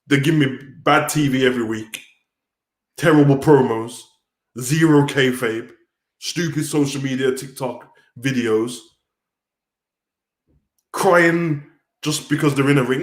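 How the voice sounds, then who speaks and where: A man's voice: mid-range voice, a little slow, pauses often. Give me a blunt man ranting to his livestream chat, in a roomy, echoing space. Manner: blunt, worked-up ranting with frequent restarts. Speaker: wrestling commentator and livestream host. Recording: roomy echo.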